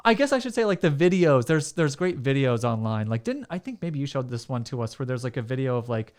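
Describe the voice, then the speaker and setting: A man in an easygoing podcast chat, voice sitting at an ordinary middle pitch. He rambles through his points with plenty of "like"s and breaks into laughter easily. He speaks as a music teacher trading stories. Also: big pitch swings, a little mellow. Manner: chatty, lots of "like" fillers; quick to laugh. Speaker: guest piano teacher.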